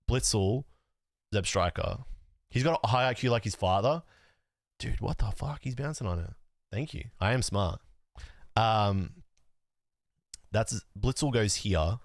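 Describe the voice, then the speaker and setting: A young man streams live from home, chatting casually while he sorts his cards. His lowish voice is full of fillers, swearing and rambling. The sound is clean studio quality with no room sound.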